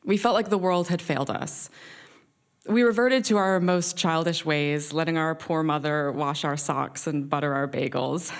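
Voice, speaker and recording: Low-voiced young woman telling a wry story. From central Massachusetts, USA. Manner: wry, expressive, with dramatic pauses. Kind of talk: live stage storytelling.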